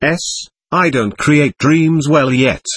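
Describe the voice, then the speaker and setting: An earnest, tender spirit of a young woman, read by a man in a calm, measured way. The voice is husky and close, with almost no room sound. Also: fairly high pitch, dry recording, pitched above the performer's own voice, full character voice.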